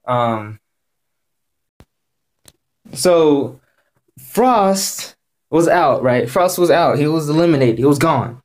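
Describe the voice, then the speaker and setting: Hyped up guy ranting about an episode, rambly, keeps repeating stuff, voice jumps way up when excited. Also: fairly high pitch, takes it slowly, pauses often. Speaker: anime reviewer. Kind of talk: casual rant video review.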